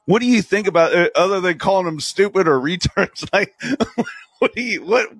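Podcast host guy, swoopy lively voice, jokey and blunt, dry close sound. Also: high-pitched, normal speed, dry recording. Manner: joking, laughs easily, asks blunt questions. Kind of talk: casual chat.

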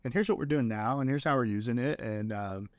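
A man's voice: mid-range voice, fairly quick, no room sound. A middle-aged man speaking as a podcast guest, earnest and emotional, often saying "man" and "dude". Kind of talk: candid podcast conversation.

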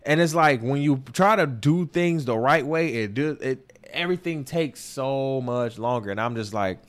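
A young man hosts a podcast from New York, delivering a candid, emotional personal monologue in which he swears often and circles back on his words. His voice is medium-pitched and expressive, at normal speed.

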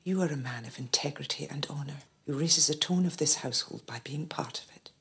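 Woman whispering as a kind older housekeeper, whispered role-play, husky gravelly breath, kinda distant. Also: low voice, a little fast, fairly bright tone, voice pushed down, full character voice. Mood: tender.

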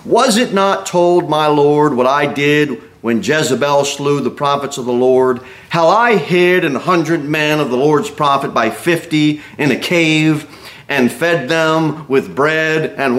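A man's voice: fairly high pitch, slow pace, fairly bright tone. A man preaching an expository sermon as a pastor, reading scripture aloud and acting out the Bible figures' words with emphatic exclamations.

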